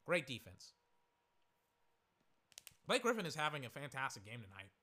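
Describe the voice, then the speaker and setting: Young man, hoarse, sharp tense tone, casual live game commentary, rambling, lots of fillers and swearing. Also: mid-range voice, big pitch swings, moderate pace.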